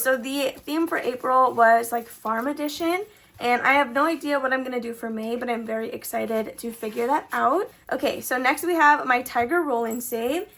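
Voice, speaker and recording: A woman's voice: fairly high pitch, gravelly, fairly bright tone. A young woman casually vlogging her savings challenges, chatty and full of fillers, her sentences trailing up at the end. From Texas. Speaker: budgeting vlogger.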